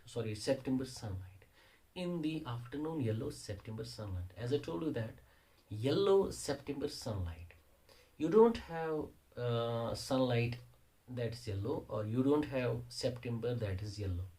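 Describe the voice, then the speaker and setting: A man teaching a poetry lesson, explaining line by line. He keeps rephrasing and repeating phrases while he hunts for the right word. His voice sits at an ordinary middle pitch. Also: expressive, a little slow, warm tone, poor audio. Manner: explains by restating lines in English and Hindi. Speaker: English teacher.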